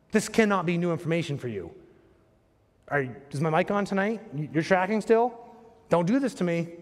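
A male pastor delivers a sermon in a church sanctuary, his fairly high voice trailing off into a long reverb. He keeps it conversational and often turns to the congregation with rhetorical questions.

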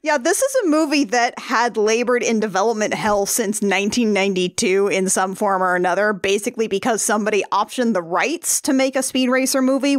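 A woman's voice: mid-range voice, no echo, clean studio sound. A woman hosting a podcast, chatty and jokey, swearing casually as she talks. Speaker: podcast host.

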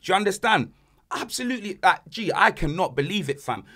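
High-voiced ranting man. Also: brisk. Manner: animated, joking rants. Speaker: podcast host. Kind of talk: casual banter podcast.

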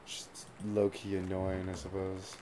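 Male game streamer, low and warm-toned, chatty and profane, light hiss underneath. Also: monotone, measured pace. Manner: loose and chatty, swears freely, leans on "like". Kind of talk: casual live gameplay commentary.

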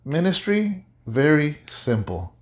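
A male pastor giving an animated, conversational sermon-like talk, often repeating himself. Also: fairly high pitch, slow. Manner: animated, repetitive, conversational preaching. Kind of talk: casual sermon-like chat.

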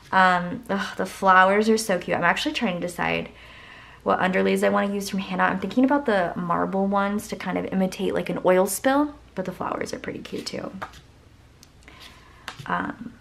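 A woman's voice: mid-range voice, gravelly. A young woman vlogging a haul in a casual, gushing way, her voice worn out. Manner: gushing, excitable, lots of "like" and "obsessed".

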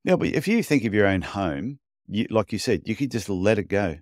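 A man's voice: lowish voice, normal speed, dry recording, studio quality. A man, co-hosting a casual podcast and telling blunt, chatty stories. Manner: animated storyteller, blunt and chatty. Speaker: podcast co-host, podiatry business coach.

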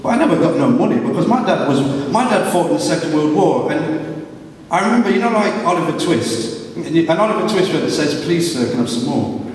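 Speaking fairly quickly in a higher register, a middle-aged guest speaker entertains a live audience in a large hall with humorous, animated stories, slipping into character voices. There is slight background noise, and the distant recording echoes around the room.

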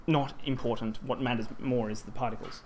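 A man's voice: mid-range voice, fairly even intonation, fairly quick, slight background noise. A man presenting a talk on grammar at a conference, explaining step by step with frequent ums and restarts. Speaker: Japanese language presenter. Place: presentation hall.

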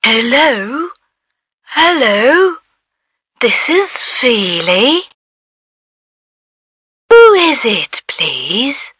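Feely, a bright playful cartoon character. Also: female voice, high voice, exaggerated voice. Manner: slow, animated, posing riddles to a child. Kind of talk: preschool TV character speech.

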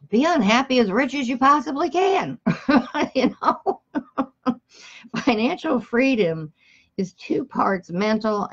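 Through a muffled recording, a woman with a mid-range voice reads a self-help book aloud. Now and then she trips over words and fixes them, or pauses to talk straight to her audience.

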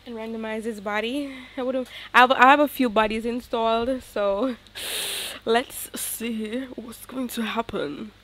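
A woman's voice: fairly high pitch, measured pace. Chatty woman narrating her game. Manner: chatty, excitable, talks straight to viewers. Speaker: gaming YouTuber. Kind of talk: casual gameplay commentary.

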